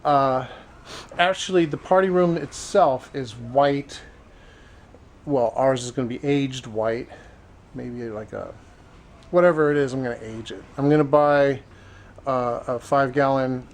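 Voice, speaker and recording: A man chatting casually in a vlog, retelling his errands in an animated way. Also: mid-range voice, a little hiss or hum, rough recording. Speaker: vlogger.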